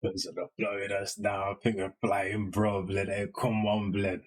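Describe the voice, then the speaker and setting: A man's voice: fairly low pitch, little pitch movement, normal speed. A young man, hosting a music reaction video in casual, slang-heavy talk that keeps checking in with the listener. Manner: slang-heavy, keeps asking "you know what I mean".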